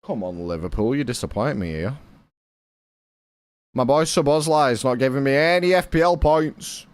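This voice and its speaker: A man's voice: medium pitch, expressive, moderate pace, no room sound. A young British man streaming a game, chatting casually with his chat and swearing now and then.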